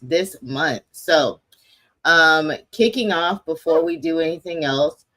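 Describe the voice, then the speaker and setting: Slow-spoken host around forty, dry close sound, rambling and self-mocking. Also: mid-range voice, bright, forceful tone, dry recording. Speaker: host of a poetry slam's monthly livestream. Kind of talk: casual livestream chat.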